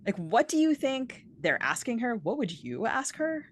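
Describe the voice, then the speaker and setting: A woman's voice: fairly high pitch, very animated, moderate pace, slight background noise. A woman co-hosting a podcast, asking questions in a chatty, casual way and often saying "like". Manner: chatty, with frequent filler "like". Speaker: podcast co-host. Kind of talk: casual interview chat.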